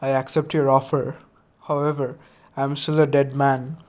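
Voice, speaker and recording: A man voicing a proud, bitter ancient warlord, speaking lower and quieter than his narration. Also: little pitch movement, moderate pace, close to an everyday voice. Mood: grave.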